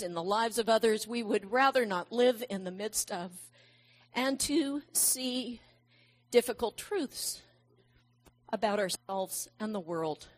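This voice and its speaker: A middle-aged woman preaching a sermon in a gentle, reflective way, with storytelling asides. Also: on the high side.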